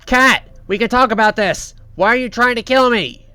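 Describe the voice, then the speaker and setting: A man voicing a gentle, easygoing young male survivor in a story he reads aloud, reading the lines flatly. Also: mid-range voice, moderate pace, smooth, dry recording. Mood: pleading.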